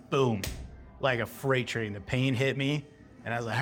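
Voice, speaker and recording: A man's voice: mid-range voice, measured pace, a bit bright, faint music behind. American man telling a war story. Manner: casual storytelling, acts out his own past lines. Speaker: guest, military veteran. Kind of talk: personal war story told in conversation.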